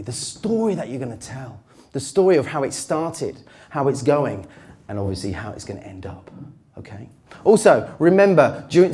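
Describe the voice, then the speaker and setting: A man giving a conference talk on pitching, with a slightly worn voice, varying his pitch and dropping low with dramatic pauses. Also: a little mellow. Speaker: pitch coach. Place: conference stage.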